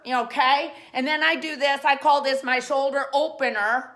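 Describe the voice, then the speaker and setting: A woman's voice: high voice, fairly even intonation, moderate pace, few pauses, fairly bright tone. A woman hosting a comic how-to show, playful and rambling, full of jokey asides. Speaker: host.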